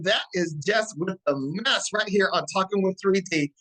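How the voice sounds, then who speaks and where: A man's voice: high-pitched, normal speed, few pauses, sharp tone, low-quality recording. A man hosting a talk show in a chatty style, often answering his guest with "yes" and "that's right". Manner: affirming, call-and-response. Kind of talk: casual talk-show chat.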